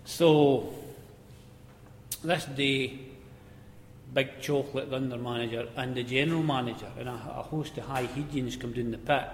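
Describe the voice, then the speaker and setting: A man with a Scottish accent telling an old mining anecdote in a relaxed, conversational way. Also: mid-range voice, a little hiss or hum. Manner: conversational, relaxed, repeats words as he goes. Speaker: storyteller. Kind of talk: spoken anecdote of mining days. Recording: echoey hall with faint ambience.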